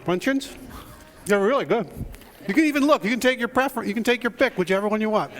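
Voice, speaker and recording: A man with a high voice speaks as a pastor opening a sermon. He jokes and chats directly with his congregation in a church sanctuary. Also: quick pace, a bit bright, big-room sound, a little hiss or hum. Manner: joking, chatty, talks straight to the congregation. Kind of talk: playful sermon opening with audience interaction.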